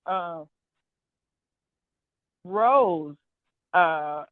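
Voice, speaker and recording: A woman guest in a casual conversation who speaks earnestly and with warm affirmation. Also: lowish voice, lively intonation, extremely slow, dry recording. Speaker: podcast guest. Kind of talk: casual chat. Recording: tinny phone-like remote line.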